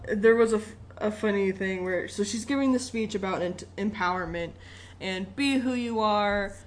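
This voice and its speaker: Laughing, animated woman recapping a movie. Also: medium pitch. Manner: animated, laughing, swearing freely. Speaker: podcast co-host. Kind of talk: casual movie recap chat.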